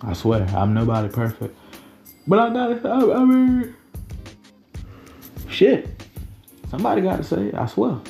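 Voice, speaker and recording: A man's voice: sits high, sing-song, a little slow, gravelly, long pauses, warm tone, soft background music, low-quality recording. A young man in his twenties hosting a casual late-night livestream, talking in rambling, profane slang with many restarts. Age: 20s. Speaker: livestream host.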